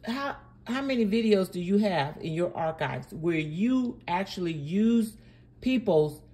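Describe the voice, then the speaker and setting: A woman's voice: mid-range voice, expressive, a little slow, mellow. A woman hosting a reaction channel, commenting sarcastically and indignantly on a preacher's clip.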